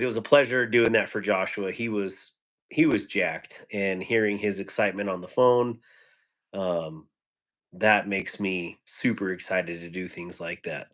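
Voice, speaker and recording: A man's voice: deep voice, fairly bright tone. A man hosting a casual live stream from home on his phone, greeting viewers by name with rambling, joking asides.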